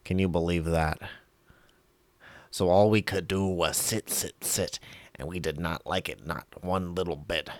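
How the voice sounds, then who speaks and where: A man with a very deep voice reads a children's rhyme aloud in a bouncing, theatrical sing-song. The sound is dry and close. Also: steady tone, a little slow, dry recording. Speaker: comic reader. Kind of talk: comic storybook reading.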